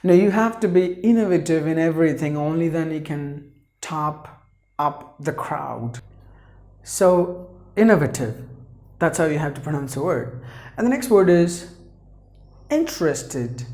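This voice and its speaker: A woman teaches pronunciation at an unhurried, careful pace, spelling out letters and repeating each word several times. Her voice is mellow and a little low. The room around her sounds echoey. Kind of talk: slow classroom-style pronunciation lesson.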